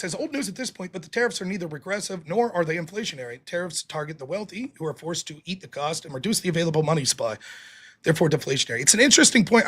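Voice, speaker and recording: The call-in show host speaks on the high side with a fairly bright tone, arguing forcefully and profanely through rapid-fire questioning on his political stream before reading donations aloud.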